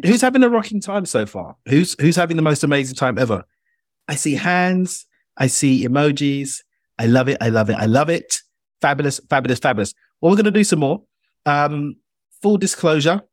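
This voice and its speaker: A British man giving an interactive online keynote, energetic and playful, speaking straight to his audience. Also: a little high, moderate pace, no room sound, studio quality. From Britain.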